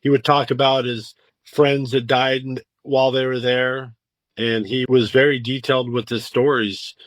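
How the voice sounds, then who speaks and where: A man's voice: medium pitch, level tone, moderate pace, dry recording. A man being interviewed about his father, answering casually in a thoughtful, matter-of-fact way. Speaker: interviewee, son.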